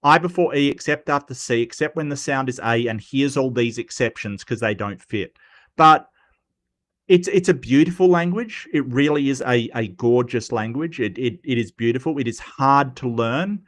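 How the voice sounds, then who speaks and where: A man's voice: medium pitch, moderate pace, fairly bright tone. A man hosting a live stream, reading viewer comments aloud and answering them off the cuff in a casual chat.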